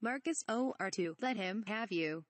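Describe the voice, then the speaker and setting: Brief: woman playing an annoyed young pilot, short-tempered, mid pitch, dry read. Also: expressive, normal speed, no room sound, natural voice. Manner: exasperated, snappish. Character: irritable young male pilot.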